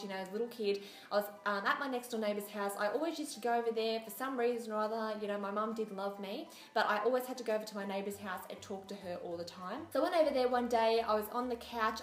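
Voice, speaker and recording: A young woman telling a story in a casual, chatty vlog, sarcastic and acting out the lines of people in it. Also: on the high side. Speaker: beauty vlogger. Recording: echoey room with faint music.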